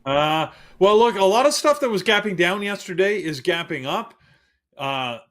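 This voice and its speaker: A man's voice: high voice, lively intonation, moderate pace, a bit bright. Rambling male trading co-host. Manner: rambling, self-deprecating, frequent fillers and asides. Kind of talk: live market commentary.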